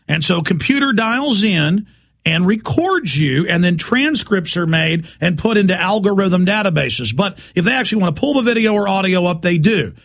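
A man delivers a heated talk radio monologue in a fairly high voice with a heavy gravelly fry. He talks emphatically, with urgent warnings and frequent restarts. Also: animated, moderate pace, fairly bright tone. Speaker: radio talk show host.

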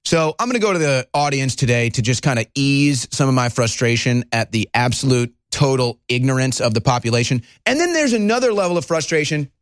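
A man hosting a talk radio show, ranting heatedly and swinging between loud outbursts and calmer stretches. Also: medium pitch, brisk, few pauses, no room sound, studio quality. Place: broadcast studio.

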